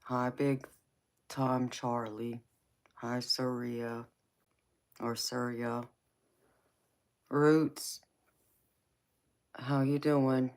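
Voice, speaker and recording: Slow-talking Southern woman with a deep voice. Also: fairly even intonation, darkish tone. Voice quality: low, deep voice. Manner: easygoing, laughs often, calls viewers honey and baby. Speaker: tarot reader hosting a live stream. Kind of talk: casual live-stream chat, greeting viewers.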